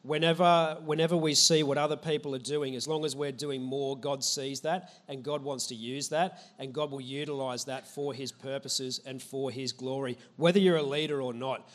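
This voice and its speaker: A man preaching a relaxed sermon to a live congregation. He talks in a chatty, conversational way, asking the room questions and joking at his own expense. His voice sits in an ordinary middle pitch. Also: normal speed, few pauses. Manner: conversational, chatty with the audience, self-deprecating. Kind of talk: casual sermon. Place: church hall with a live audience.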